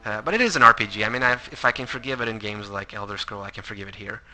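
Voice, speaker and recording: A man's voice: fairly low pitch, rapid-fire, sharp tone. A man commentating a game playthrough, reading on-screen text aloud and adding wry asides. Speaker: let's play commentator. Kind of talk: gameplay commentary.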